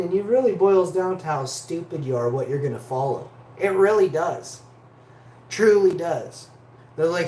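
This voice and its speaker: A man's voice: a little high, darkish tone, echoey room, slight background noise. A man in his forties from Canada, rambling profanely through stories as a livestream host. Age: 40s. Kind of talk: rambling casual monologue.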